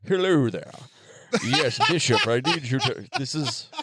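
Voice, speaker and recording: A man's voice: medium pitch, lively intonation, unhurried, very noisy, natural voice. A man voicing a fussy, snooty little alien creature who talks in a prissy, disdainful, slightly slurred way.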